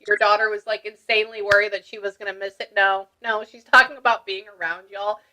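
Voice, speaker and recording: A woman spiritual medium giving a reading, animated and exclamatory, breaking off to mutter asides. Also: medium pitch, fast talker. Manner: excited, exclamatory.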